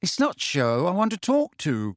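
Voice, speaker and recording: A brooding teenage schoolboy who speaks gruffly and curtly, as read by a man. His voice is set in a dry, close recording. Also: fairly high pitch, expressive, moderate pace, dry recording. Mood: gloomy. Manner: gruff, curt.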